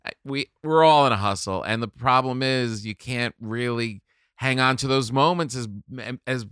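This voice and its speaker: A man's voice: mid-range voice, moderate pace, a bit bright, smooth, dry recording, studio quality. A man who is a guest comedian on a podcast, chatting candidly about his feelings and laughing often. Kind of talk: casual chat.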